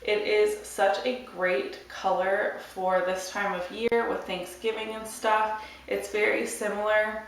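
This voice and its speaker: A young woman chatting to camera about her monthly favourites, hoarse and losing her voice, rambling in a relaxed way. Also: mid-range voice, slow pace, slight background noise. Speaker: beauty vlogger. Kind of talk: casual chat to camera. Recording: echoey room, mic at a distance.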